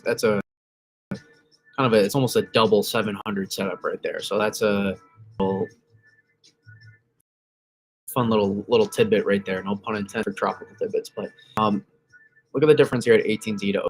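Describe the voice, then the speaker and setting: A man's voice: on the low side, steady tone, fairly quick, long pauses, soft background music. A man hosting a casual weather stream, rambling through model maps, often correcting himself and reacting to chat. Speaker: weather channel host. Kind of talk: casual livestream weather analysis.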